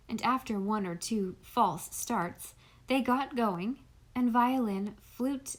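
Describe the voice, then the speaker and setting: A woman reading a classic novel aloud as an audiobook narrator, with gentle, even storytelling. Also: mid-range voice. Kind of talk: scripted narration.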